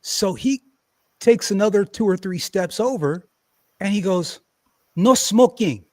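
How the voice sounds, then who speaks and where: Brief: high-pitched man, animated profane storyteller, dry close sound. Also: a little slow, dry recording. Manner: animated, profane, acts out quotes loudly. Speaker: podcast host. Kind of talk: casual storytelling chat.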